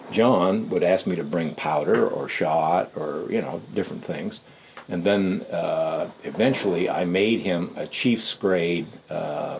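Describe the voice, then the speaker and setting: Low-voiced older man telling stories. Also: vocal fry, a little mellow, slight background noise, poor audio. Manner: unhurried, rambling, acts out quoted voices. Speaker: interviewee. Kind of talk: casual anecdotal storytelling.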